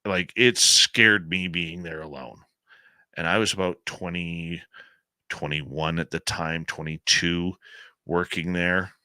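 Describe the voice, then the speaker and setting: A man's voice: low voice, steady tone, slow, pushed and bright, no echo. A Canadian man hosting a late-night radio talk show, chatty and enthusiastic, rambling as he tells stories and answers audience questions.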